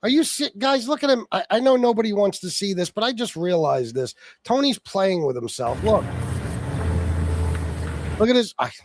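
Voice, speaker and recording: A man's voice: high voice, animated, normal speed. A man hosting a livestream, talking in crude, profane, mocking banter and laughing at his guests. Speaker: livestream host.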